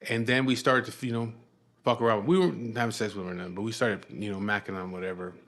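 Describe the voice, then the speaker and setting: A man's voice: fairly low pitch, fairly even intonation, fast talker, a bit bright. A man with a Chicano English accent telling a rambling, profane story from his past in casual speech, full of fillers and restarts.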